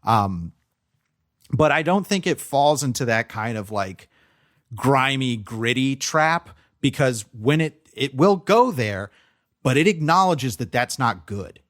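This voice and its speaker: A man's voice: medium pitch, expressive, slow pace, fairly bright tone. A young adult man co-hosting a podcast, chatting casually about movies with lots of fillers and restarts. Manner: rambling, frequent fillers and restarts. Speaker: podcast co-host. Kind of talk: casual movie review chat.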